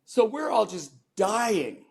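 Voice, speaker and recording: An older man, a podcast guest, telling personal stories in an animated way and acting out the people in them. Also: high voice, slow pace, vocal fry, breathy edge. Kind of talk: storytelling in a podcast interview.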